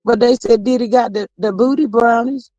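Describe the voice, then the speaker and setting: A woman's voice: a little high, moderate pace, no room sound, dull audio. Woman gossiping expressively on a livestream. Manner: expressive, exclaims often, reads viewer comments aloud. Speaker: livestream host. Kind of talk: casual gossip commentary.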